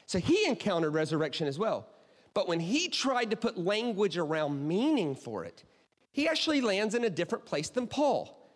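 A man preaching a sermon as a pastor, animated and chatty, checking in with the crowd by asking "right?" and "okay?" again and again. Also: high-pitched, moderate pace. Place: church auditorium. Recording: reverberant hall.

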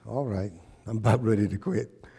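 A man preaching a call-and-response sermon as pastor in a church, swinging from shouting excitement to a low, hushed prayer voice. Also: normal speed, vocal fry. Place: church sanctuary.

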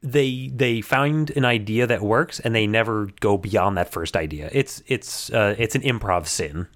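Opinionated low-voiced man. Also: unhurried, a bit bright, no echo. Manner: opinionated, critical. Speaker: podcast co-host. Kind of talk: casual podcast chat.

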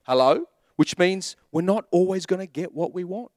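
A middle-aged male pastor preaches with a high, strongly swinging voice. He repeats his key lines and slips into small acted-out asides. The sound is dry and close. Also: animated, moderate pace, a little mellow, dry recording. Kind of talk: sermon.

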